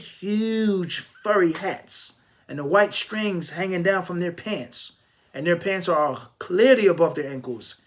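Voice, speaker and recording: Emphatic man with a high-set voice. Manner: emphatic, stacking rhetorical questions; measured explaining with Arabic religious phrases. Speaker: Islamic scholar answering viewer questions. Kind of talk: live Q&A answers.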